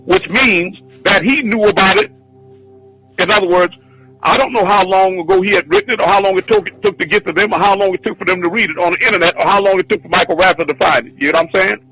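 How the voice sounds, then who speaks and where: A man teaching a spiritual class, telling a long personal story in an excited, rambling, repetitive way. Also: sits high, quick pace, breathy edge, faint music behind, rough recording. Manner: excitable, repetitive, restarts often. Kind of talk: rambling spoken testimony.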